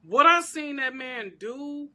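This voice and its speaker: A woman chatting as an interview guest, her tone bright and forceful. She talks in an animated, emphatic way, full of informal slang and easy asides. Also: high-pitched, slow pace. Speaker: guest, celebrity crafter. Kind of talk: casual interview chat.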